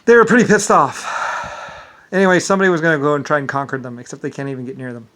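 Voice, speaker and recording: A man's voice: a little high, very fast, a bit bright. Man rambling, stumbling, swearing. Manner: repetitive, stumbling, filler-heavy; profane and indignant. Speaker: vlogger. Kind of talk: rambling monologue.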